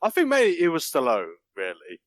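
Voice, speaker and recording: A man's voice: on the high side, wildly swooping pitch, moderate pace, dry recording. A man chatting casually on a podcast, laughing often and acting out movie lines in mock voices. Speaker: podcast guest reviewing a film. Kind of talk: casual chat.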